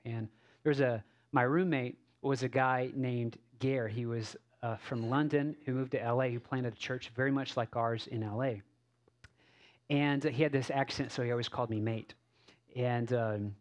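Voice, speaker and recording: A man preaching as a pastor in a relaxed, conversational sermon, telling stories with asides and frequent restarts. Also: mid-range voice. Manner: casual, self-correcting, storytelling with asides. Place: church service.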